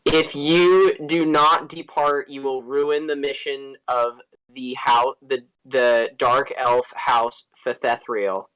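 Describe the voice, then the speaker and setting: A woman voicing her adventurer, who poses as a dark elf scout in a tabletop game and gives slow, stiff commands. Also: a bass voice, steady tone, clean tone, exaggerated voice, rough recording. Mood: stern.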